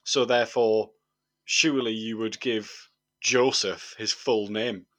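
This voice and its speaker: A man's voice: on the low side, steady tone, takes it slowly, a bit bright. A man, co-hosting a podcast, talking in a dry, wry way and chuckling at his own points. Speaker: podcast co-host. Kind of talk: casual chat.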